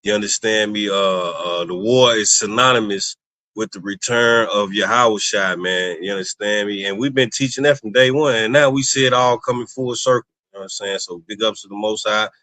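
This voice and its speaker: A man with a lowish, sharp-toned voice co-hosts a casual religious discussion at normal speed, rambling and repeatedly asking "you understand me" to check in with his listener. There is no room sound in the recording.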